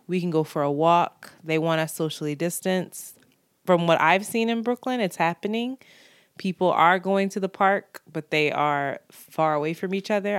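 A woman with a low-pitched voice co-hosts a podcast from home. She talks casually, animated and candid, swearing freely. Her voice is recorded dry and close. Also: dry recording. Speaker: podcast co-host. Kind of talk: casual chat.

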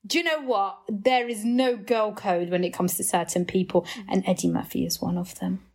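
A woman's voice: mid-range voice, fairly even intonation, a little mellow. A woman comedian appearing as a guest on a podcast, riffing playfully in casual chat. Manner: playful, quick-witted riffing.

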